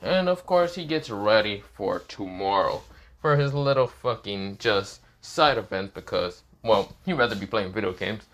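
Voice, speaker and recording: A man with a lowish voice narrating an improvised fan story. His telling is rambling and casual, with plenty of fillers and profanity. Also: expressive, a little slow, fairly bright tone.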